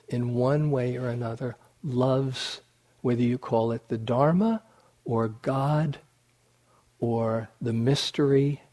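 A man giving a dharma talk as a meditation teacher, reflective and unhurried, speaking to an audience in a meditation hall. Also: medium pitch, a little mellow.

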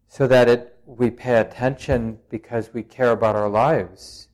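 A man at a middle pitch teaches meditation in a dharma talk. He speaks plainly and reflectively, feeling his way through each thought with frequent pauses and a light touch of humour. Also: steady tone. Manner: plain-spoken and gently humorous.

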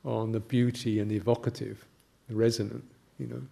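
An older man, a Buddhist monk, giving a gentle, halting reflective talk with anecdotes and soft laughs. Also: medium pitch, little pitch movement, creaky, slightly rough.

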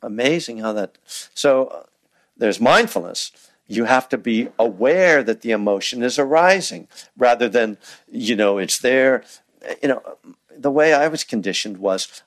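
A man teaching meditation in a loose, conversational dharma talk, with a middle-pitched voice and a close, dry sound. He halts and restarts often, slipping into quoted inner voices. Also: expressive, measured pace, no echo. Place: meditation hall.

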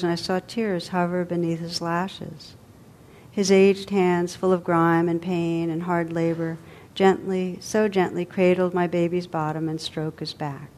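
A woman meditation teacher tells a story in a dharma talk. Her voice sits low for a woman, and her delivery is gentle and unhurried. She lets her phrases soften and fall away at the ends.

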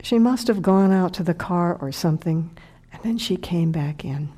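A woman's voice: fairly low pitch, moderate pace, dark tone, slightly rough. A middle-aged woman, a meditation teacher, telling a heartfelt personal story in a dharma talk and sometimes dropping to a whisper.

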